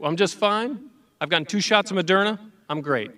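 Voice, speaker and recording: A man hosting an outdoor graduation ceremony, relaxed and joking between announcements. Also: high voice, normal speed, far from the mic. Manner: bright, relaxed, joking asides. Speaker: ceremony host.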